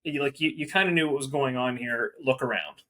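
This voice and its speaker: A man speaking as a guest property manager in a casual interview, animated and peppering his talk with "like" in rapid bursts. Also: mid-range voice.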